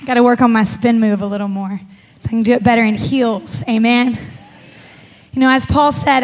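A woman's voice: a little high, fairly even intonation, moderate pace. A woman who is a kids pastor, speaking, reading scripture and preaching in a playful, chatty way. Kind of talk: sermon, Bible reading.

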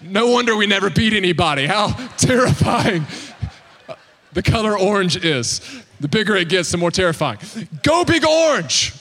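High bright-voiced preacher in a reverberant hall. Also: male voice, moderate pace. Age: 30s. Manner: animated, excitable, self-mocking. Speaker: pastor. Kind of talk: humorous storytelling sermon. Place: church.

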